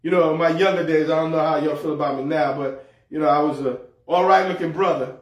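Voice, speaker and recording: A pastor with a fairly high, steady voice preaches fast in a church sanctuary, captured by a distant mic in an echoey hall. His sermon is humorous and folksy, and he repeats words as he goes.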